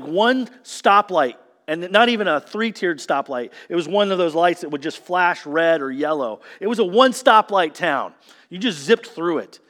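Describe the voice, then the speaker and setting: Male pastor, sermon, emphatic storytelling, fairly high voice, long echoing church reverb. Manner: storytelling, emphatic, varies volume from loud to hushed.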